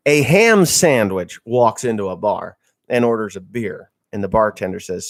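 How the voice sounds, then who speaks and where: A gravelly man hosting a relaxed livestream from his home. He talks loosely, reads viewers' messages aloud and tells crude jokes at an unhurried pace. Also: mid-range voice. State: just woke up, a little slow. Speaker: livestream host. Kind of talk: casual livestream chat.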